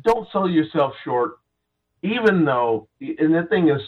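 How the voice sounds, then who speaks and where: A man's voice: on the high side, very animated, unhurried, phone-quality sound. A man hosting a casual conversation, speaking in a consoling way and often restarting his sentences. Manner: consoling, keeps restarting with "the thing is".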